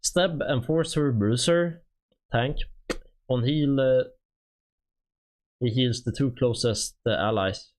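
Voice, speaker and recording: A man with a Swedish accent, a native Swedish speaker, streaming and reading through game units in a halting, casual way with many fillers. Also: medium pitch, a little mellow.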